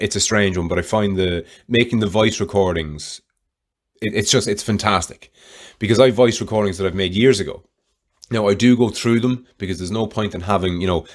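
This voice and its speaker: A man hosting a solo podcast, talking candidly in a rambling way and swearing freely. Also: deep voice. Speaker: podcast host.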